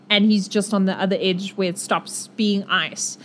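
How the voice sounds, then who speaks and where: A woman's voice: medium pitch, steady tone, normal speed, few pauses, a bit bright, a little hiss or hum. A woman acting as game master, narrating a tabletop game in a chatty way with many fillers.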